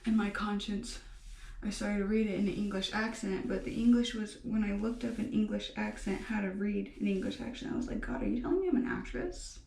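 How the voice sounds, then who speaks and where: A young woman rambling through a personal vlog, halting often with fillers and restarts. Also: medium pitch, level tone, gravelly, a little mellow. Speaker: vlogger. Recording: echoey room, mic at a distance.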